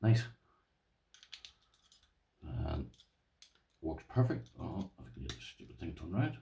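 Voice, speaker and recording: A man's voice: low voice, big pitch swings, slow, creaky, echoey room, distant mic, noisy background. An Irish man with a rambling, chatty manner, showing his lock collection to viewers and calling them "boys". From Ireland. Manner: rambling, talks to viewers as "boys", uses "this here". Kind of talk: casual show-and-tell to camera.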